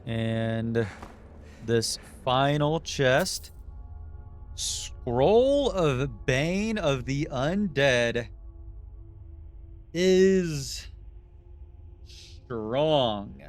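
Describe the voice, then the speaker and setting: A man's voice: mid-range voice, extremely slow, long pauses, faint music behind. A man casually thinking aloud while live streaming a video game, his throat getting a little sore. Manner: relaxed, muttering and thinking aloud while playing.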